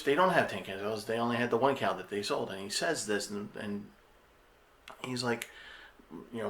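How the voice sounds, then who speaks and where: A man's voice: lowish voice, normal speed, long pauses, fairly bright tone. A man casually retelling a film's plot on a podcast, loose and rambling with fillers and restarts. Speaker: podcast host reviewing an anime film. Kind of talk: casual spoken review.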